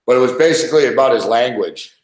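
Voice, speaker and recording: A man's voice: mid-range voice, fast, reverberant. A man hosting a casual sports talk show, telling stories and acting out quotes with laughs and swearing. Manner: animated storyteller, acts out quotes with swearing and laughs. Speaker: podcast host.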